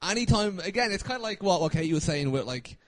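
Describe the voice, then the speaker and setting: A man with a somewhat high voice, recorded dry, talking in a relaxed, modest way. He often pauses and fills gaps as he gathers his thoughts. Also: dry recording. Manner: easygoing, modest, halting with fillers. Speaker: podcast co-host. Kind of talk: casual chat.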